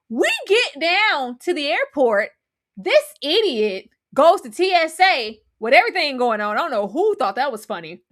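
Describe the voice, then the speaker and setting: A woman with a lively voice that swings far up and down as she reviews a film in casual chat. She acts out the characters' lines with sudden jumps in pitch. Her voice sits a little high. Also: fairly quick. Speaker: podcast co-host.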